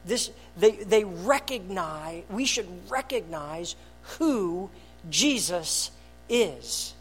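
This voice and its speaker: An earnest pastor preaches in a church, moving between hushed, almost murmured phrases and loud, emphatic bursts. The voice sits at a middle pitch and builds steadily toward each point. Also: animated, drawn-out words, faint music behind. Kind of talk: sermon. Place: church hall.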